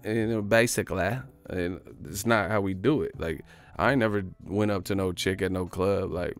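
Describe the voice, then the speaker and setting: A man's voice: sits low, moderate pace, clean tone. A man chatting casually on a live stream, joking loosely with profane slang and frequent laughs. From United States.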